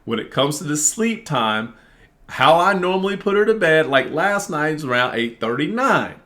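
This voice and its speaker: Animated, profane man venting to camera. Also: fairly high pitch, normal speed. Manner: animated, profane, reenacts arguments. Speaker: vlogger. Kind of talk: casual venting monologue.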